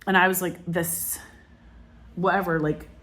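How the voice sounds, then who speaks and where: A low-pitched woman in her forties, talking as a film director in an interview. She tells her stories with energy, swears casually and slips into other people's voices. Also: unhurried. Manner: animated, profane, acts out quotes. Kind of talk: candid interview storytelling.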